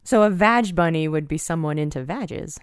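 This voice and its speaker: A woman's voice: deep voice, normal speed, noisy background. A woman co-hosting a podcast, chatting casually with wry, teasing wordplay. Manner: wry, teasing, plays with words. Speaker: podcast co-host. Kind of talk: casual comedic chat.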